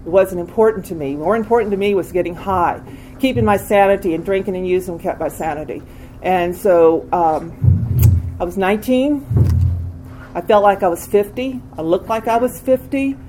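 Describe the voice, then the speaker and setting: An older woman sharing a candid personal recovery testimony, with frequent restarts and pauses. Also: medium pitch, background noise. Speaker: speaker sharing a recovery story.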